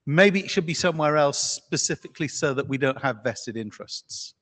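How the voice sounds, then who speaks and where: A man's voice: on the high side, animated, fairly quick, a bit bright. A man speaking earnestly and a little rambling at an open microphone during a standards meeting discussion. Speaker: meeting participant. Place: large meeting hall. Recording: long hall reverb.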